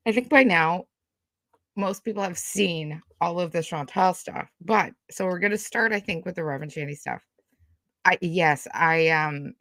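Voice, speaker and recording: A woman's voice: lowish voice, fairly bright tone, no echo. A woman hosting live-stream commentary, blunt and profane, talking with angry, sweary frustration. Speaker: YouTube commentary host.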